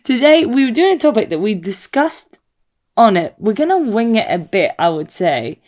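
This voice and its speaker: A woman's voice: on the high side, big pitch swings, moderate pace, a little mellow. A young woman co-hosting a casual podcast chat, giggly and rambling, often losing her thread. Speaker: podcast co-host.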